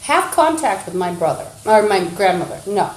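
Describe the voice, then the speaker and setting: A woman's voice: medium pitch, sing-song, moderate pace, reverberant, low-quality recording. A woman livestreaming, ranting in an agitated, insulting, accusatory way into a phone. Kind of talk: rambling livestream rant.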